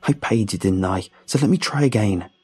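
A man's voice: on the low side, moderate pace, a little mellow, slightly rough, soft background music. A man voicing a brash, impatient young fishing client who demands his way in a spoken story. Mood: insistent. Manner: pushy, demanding.

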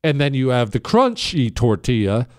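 A man's voice: mid-range voice, sing-song, moderate pace, darkish tone. A man hosting a talk show, delivering an opinionated, emphatic monologue that rambles with plenty of fillers.

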